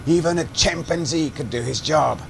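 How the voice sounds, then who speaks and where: A man's voice: on the high side, moderate pace, gravelly, a little hiss or hum. An actor playing a condescending male scientist with a Russian-sounding accent, sneering at and scolding his assistant. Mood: mocking.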